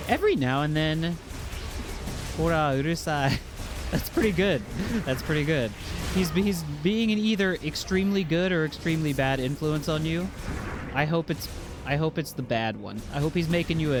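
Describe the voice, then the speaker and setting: Excitable jokey man streaming a game. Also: on the high side, normal speed, over music. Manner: jokey and excitable, reads item scans aloud. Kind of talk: casual let's-play commentary.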